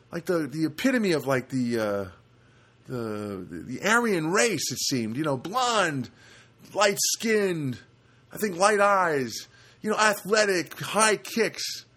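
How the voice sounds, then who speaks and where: A man's voice: a little high, bright, forceful tone, breathy edge. Rambling man with a swooping voice. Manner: meandering, lots of fillers and restarts, wry. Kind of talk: rambling personal monologue.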